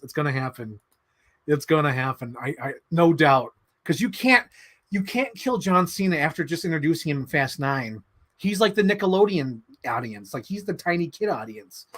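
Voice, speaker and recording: A man hosting a casual livestream, answering chat in an animated, excitable way with many fillers. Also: a little high. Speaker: livestream host reading chat.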